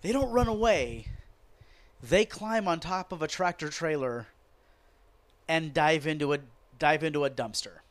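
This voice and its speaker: A man hosting a podcast, ranting sarcastically and profanely about wrestling in a casual, animated way. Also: fairly high pitch, a little slow, pauses often, dry recording. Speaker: podcast host.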